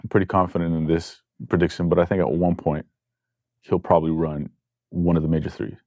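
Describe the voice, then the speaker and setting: A man who hosts a podcast and manages artists, talking candidly and relaxed in a casual interview. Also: low-pitched, no room sound, clean studio sound. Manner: relaxed, candid, swears, quick affirmations.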